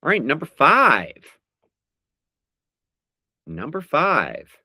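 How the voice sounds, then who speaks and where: A man hosting a trivia podcast, reading song lyrics slowly and deliberately and announcing each question with animated energy. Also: mid-range voice, no room sound, clean studio sound. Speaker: podcast host.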